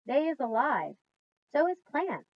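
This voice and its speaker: A woman reading aloud puts on a big, friendly old giant from a storybook. He talks in earnest, emphatic bursts with mangled grammar, in a voice on the higher side. The recording is dull and lo-fi. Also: big pitch swings, measured pace, no room sound, full character voice.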